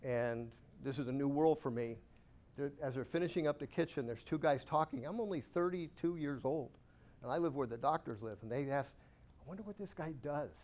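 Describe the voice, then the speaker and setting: A man giving a keynote talk to a live audience, telling lively, self-amused stories and asking the room questions. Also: mid-range voice, fairly quick. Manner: animated, self-amused anecdotes with rhetorical questions. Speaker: guest speaker at a real estate investor club.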